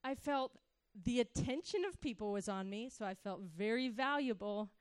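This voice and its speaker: A woman's voice: mid-range voice, moderate pace, clean tone, no echo. A woman giving a personal testimony in sermon style, telling her story with animation and acting out her younger self.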